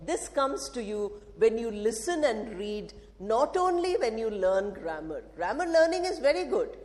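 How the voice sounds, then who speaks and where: A woman's voice: a little high, sing-song, measured pace, darkish tone. A woman with an Indian English accent, giving an emphatic English lesson to a class and asking rhetorical questions. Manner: emphatic, repeats and drills phrases, asks rhetorical questions. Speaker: English teacher. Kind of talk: classroom lecture. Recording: echoey hall with long reverb.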